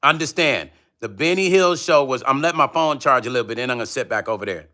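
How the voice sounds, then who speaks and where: A fast-talking middle-aged man with a medium-pitched voice reads viewers' chat messages during a livestream. As a music vlogger, he keeps it relaxed and rambling, laughing often and hopping between topics.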